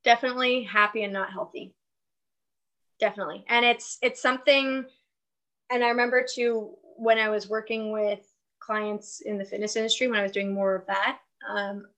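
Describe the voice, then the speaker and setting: A woman wellness coach who explains her ideas in an earnest, animated way during a conversation. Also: mid-range voice, moderate pace, low-quality recording. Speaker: guest, fitness and wellness coach. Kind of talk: casual conversational interview.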